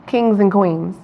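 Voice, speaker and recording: A woman interviewing a guest in casual conversation, encouraging and quick to affirm what he says. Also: medium pitch. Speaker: student interviewer. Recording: dull lo-fi recording.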